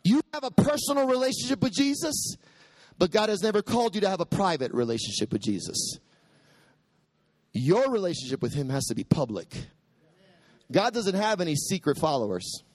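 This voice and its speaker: A male preacher delivers his sermon in a high, lively voice that leaps up and down. He quotes scripture with dramatic flair and climbs to shouted peaks. The sound is dry and close, with no room echo. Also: normal speed. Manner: preaching with soaring pitch and sudden shouted peaks.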